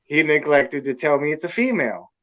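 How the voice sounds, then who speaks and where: Guy from california telling a dirty story, swears a lot, kinda high voice, muffled lo-fi sound. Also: lively intonation, a little fast, a bit bright. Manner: crude, profane, blunt. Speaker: storyteller guest. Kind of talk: casual storytelling.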